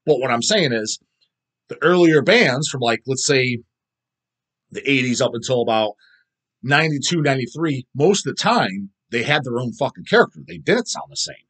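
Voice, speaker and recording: Man, husky voice, middle pitch, casual profane rant, blunt and rambling, recorded on a phone. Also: expressive, normal speed, a bit bright. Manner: blunt, swearing heavily, rambling with restarts. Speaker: host answering viewer questions.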